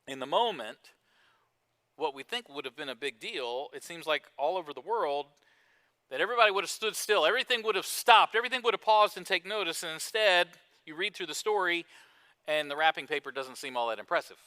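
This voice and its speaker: A man's voice: on the high side, lively intonation, brisk, sharp tone. A man preaching a sermon in church, talking conversationally to the congregation and often repeating words as he goes. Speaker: pastor.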